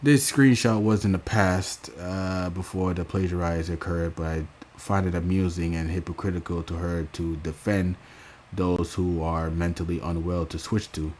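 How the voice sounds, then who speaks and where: Young man, very deep low voice, casual commentary rant, halting, swearing. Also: fairly even intonation, darkish tone, slight background noise. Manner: halting, frequent fillers and restarts, swearing. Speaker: YouTube commentator.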